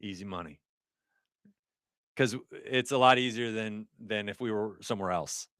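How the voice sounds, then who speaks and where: A man's voice: on the low side, fairly even intonation, fairly quick, a bit bright, smooth, no room sound, clean studio sound. A middle-aged man, an ER nurse, hosting a casual livestream, reading chat aloud and laughing often.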